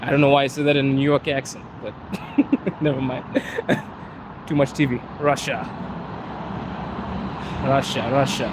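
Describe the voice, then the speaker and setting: A man's voice: medium pitch, level tone, unhurried, pauses often. A man, live streaming outdoors on a city street into a phone, chatting in a rambling way and laughing often. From Zimbabwe. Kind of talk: casual live-stream chat with viewers. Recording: outdoor traffic noise.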